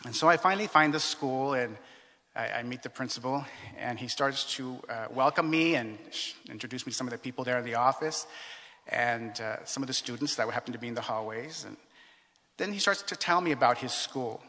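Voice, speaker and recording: A man from California telling his life story in a reflective, earnest way, with many fillers and pauses. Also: mid-range voice, pushed and bright, in a large hall. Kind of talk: personal storytelling.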